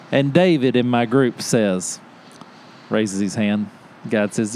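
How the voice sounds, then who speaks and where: A podcast host tells a long story in relaxed, casual chat. His voice sits at an ordinary male pitch. He is animated and quick to laugh, acting out other people's lines. A faint hiss runs under the recording. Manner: animated, laughs often, acts out quotes.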